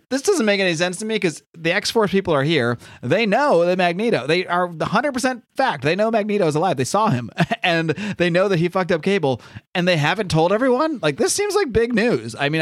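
A man's voice: fairly high pitch, no echo, clean studio sound. A man hosting a casual podcast and recapping a comic, rambling with lots of fillers and exasperated asides. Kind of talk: casual chat.

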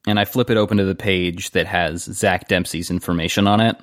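Low-voiced man playing a tabletop game. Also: fairly even intonation, fairly quick, fairly bright tone, no room sound, clean studio sound. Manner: thoughtful, describing his character. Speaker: player. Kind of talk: tabletop game play, casual.

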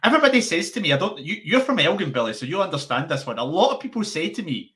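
A young man chatting casually as a podcast founder, rambling and restarting his sentences in an animated way. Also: a little high, quick pace, hardly any pauses. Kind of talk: casual interview chat.

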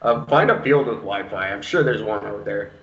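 A man's voice: on the low side, lively intonation, normal speed. A Canadian man hosting a casual podcast, ranting and joking with plenty of swearing. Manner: profane, ranting, jokey impressions. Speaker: podcast host. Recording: roomy, dull lo-fi home recording.

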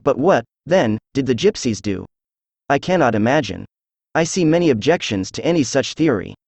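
Thoughtful loyal companion, read by a synthetic male voice; dry, mid pitch. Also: moderate pace, dry recording. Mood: doubtful. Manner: flat synthetic delivery.

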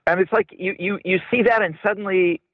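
A male author being interviewed on radio, talking in an animated way that often stumbles over and repeats his words. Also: high-pitched, fairly quick, dry recording. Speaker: author guest. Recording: tinny phone-line sound.

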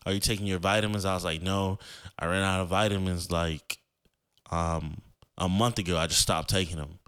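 A man's voice: low-pitched, fairly even intonation, moderate pace, a bit bright, clean tone. A young man, a podcast host, telling a personal story in a loose, slangy way with many fillers and restarts.

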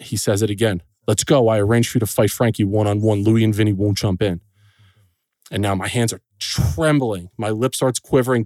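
A middle-aged man as a podcast guest, telling a personal story in an earnest, emotional way with frequent pauses and restarts. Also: mid-range voice, darkish tone, dry recording, clean studio sound.

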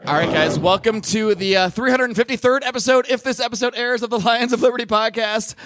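A man hosting a podcast, hoarse and a little rough-voiced, talking in a chatty, enthusiastic way with plenty of fillers. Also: very high voice, fairly quick, fairly bright tone, slight background noise. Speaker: podcast host. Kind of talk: casual podcast intro.

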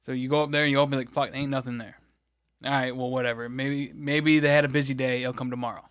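A man's voice: mid-range voice, little pitch movement, fast talker, a bit bright, clean tone, no echo, clean studio sound. Profane rambling man telling a story. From Michigan. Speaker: podcast co-host. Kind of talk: casual chat, storytelling.

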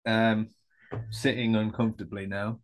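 A man's voice: on the low side, flat delivery, unhurried. Male podcast co-host, dry wit, casual banter. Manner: dry, joking storyteller.

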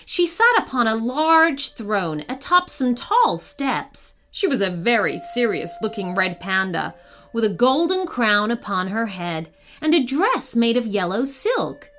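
A woman storyteller narrating a children's story in a gentle, expressive way. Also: fairly high pitch, unhurried. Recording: soft background music.

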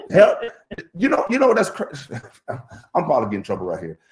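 A middle-aged man talking in a casual podcast chat, animated and laughing often as he tells a story. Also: brisk. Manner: animated, laughs often, jumps high when excited. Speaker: podcast guest.

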